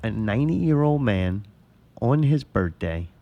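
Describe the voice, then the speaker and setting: A man's voice: mid-range voice, expressive, measured pace, creaky, highs cut off. A man hosting a casual talk show, telling a rambling story and swearing freely. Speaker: podcast host. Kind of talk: casual profane chat.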